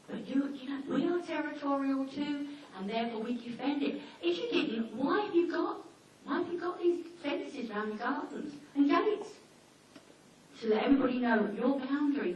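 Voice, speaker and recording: Chatty woman in an echoey hall. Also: high-pitched. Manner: chatty and anecdotal, acts out dogs and people in quick asides. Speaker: dog behaviour trainer giving a seminar. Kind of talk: informal seminar talk to an audience. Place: seminar room with an audience. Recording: echoey hall, mic far off, faint noise.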